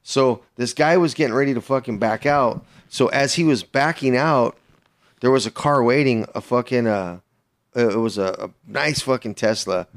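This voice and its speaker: A man casually telling a story on a podcast, swearing constantly and acting out the quotes loudly. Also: mid-range voice, normal speed. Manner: profane, laid-back storyteller with loud acted-out quotes.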